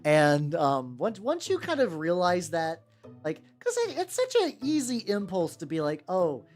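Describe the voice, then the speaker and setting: Casual woman streamer, low voice that leaps around, rambly and profane, light music underneath. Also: huge pitch swings. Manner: rambling, swears casually, quick pitch jumps when quoting people. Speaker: vtuber host painting miniatures. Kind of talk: casual live-stream chat. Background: soft background music.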